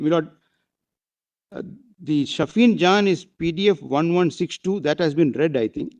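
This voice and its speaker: A man arguing before a court bench, formally reading out passages and repeatedly saying "my lord", with hesitant fillers in a courtroom. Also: on the high side. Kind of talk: courtroom argument.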